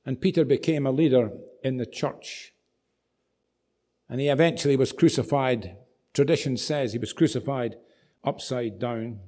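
A man preaching a sermon, telling stories with animated, dramatic emphasis. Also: mid-range voice.

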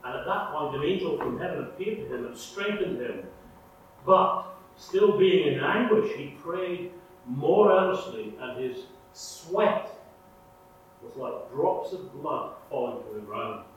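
A man preaching a sermon in an earnest way, swinging between loud emphasis and hushed, prayerful lines. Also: fairly high pitch, animated, unhurried. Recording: echoey room, mic far off, faint hum.

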